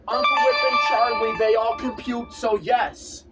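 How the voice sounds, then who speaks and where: Man, high voice, repetitive insistent rant, a bit off-mic with faint background hiss. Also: steady tone, unhurried, few pauses, far from the mic, over loud music. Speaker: vlogger. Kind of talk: casual rant to camera.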